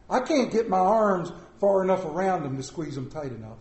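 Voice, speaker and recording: A man preaching a sermon in a church, earnest and emphatic, slowing down to stress his words. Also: sits high, lively intonation, a little mellow, reverberant. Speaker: pastor. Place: church sanctuary.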